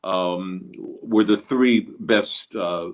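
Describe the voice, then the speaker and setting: A man's voice: low voice, very slow. Rambling man musician talking shop. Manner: rambling, with many fillers and restarts. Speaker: guest musician. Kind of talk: casual interview.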